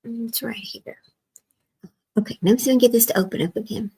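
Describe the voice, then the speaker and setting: A woman's voice: on the high side, fairly even intonation, quick pace, mellow, breathy edge, poor audio. A woman hosting a livestream in a casual chat, talking to herself while she works her screen, often dropping to a near whisper. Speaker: livestream host.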